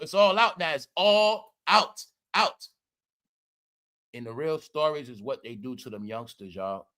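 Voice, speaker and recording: High, bright-voiced man ranting on a livestream. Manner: loud, laughing, profane, repeats "all right?". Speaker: commentary livestream host. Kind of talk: casual livestream commentary.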